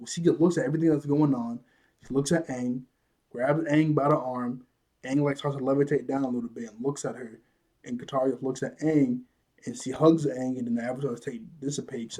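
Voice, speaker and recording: A man's voice: medium pitch, breathy edge. A man casually recapping a cartoon episode, acting out the characters' lines and laughing often. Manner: animated retelling, acts out quotes, laughs often. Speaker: show reviewer.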